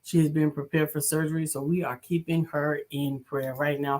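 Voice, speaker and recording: A woman's voice: low voice, little pitch movement, normal speed, few pauses. Earnest woman co-hosting a faith talk show. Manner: warm, earnest, praying aloud. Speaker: co-host and coach. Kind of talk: live talk show with spoken prayer.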